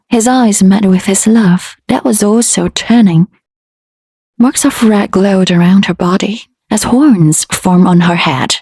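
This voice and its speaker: A woman storyteller reading a fantasy romance aloud in a steady, unhurried way. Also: mid-range voice, husky, no room sound.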